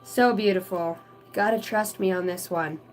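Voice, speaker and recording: A woman's voice: medium pitch, moderate pace, soft background music, low-quality recording. A woman giving an intuitive oracle card reading. She reads card text aloud and breaks into emotional, casual asides that include swearing. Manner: emotional, earnest. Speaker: psychic card reader.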